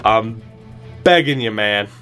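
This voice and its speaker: A man's voice: fairly low pitch, lively intonation, slow, bright, forceful tone, clean tone, faint music behind. A man commentating a video game he plays, exasperated and pleading, swearing often, with sarcastic asides. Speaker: gaming channel host.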